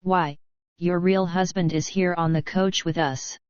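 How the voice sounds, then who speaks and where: A woman voicing a steady young station man who speaks slowly and deliberately. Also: lowish voice, clear, resonant tone, dry recording, muffled recording, lightly acted. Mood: firm. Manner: slow and deliberate.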